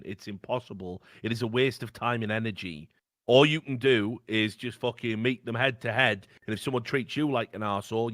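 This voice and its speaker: A man co-hosts a casual podcast, rambling in an emphatic, profane way. His mid-range voice is a bit bright, captured with clean studio sound and no room echo.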